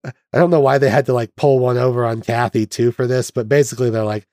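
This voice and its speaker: A man's voice: mid-range voice, fairly even intonation, fast, a little mellow, dry recording. A young man hosts a podcast and walks through a film's plot in a loose, chatty way. He slips into mock voices and laughs as he goes. His voice sounds dry and close to the mic. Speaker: podcast host. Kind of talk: casual film recap chat.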